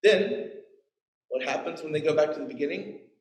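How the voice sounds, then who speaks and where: A man's voice: a little high, normal speed, echoey room, low-quality recording. A man in his forties preaching a sermon, telling the story with playful asides and acted-out quotes. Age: 40s. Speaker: pastor. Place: church.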